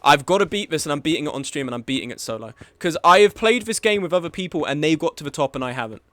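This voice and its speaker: A young man livestreams a game, frustrated and swearing, lurching from low muttering to loud outbursts. He's expressive and talks quickly, with no room sound.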